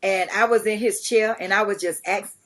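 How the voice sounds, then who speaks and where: A middle-aged woman, a charity founder, telling lively stories in a podcast interview, acting out what others said and laughing often. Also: medium pitch, moderate pace. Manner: animated storyteller, acts out quotes, laughs often. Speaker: guest, community charity founder.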